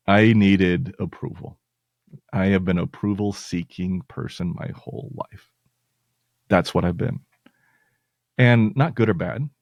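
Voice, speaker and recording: A man's voice: low-pitched, darkish tone, dry recording, highs cut off. A male podcast host talking earnestly and reassuringly to his listeners, at times getting emotional. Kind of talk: heartfelt personal talk to listeners.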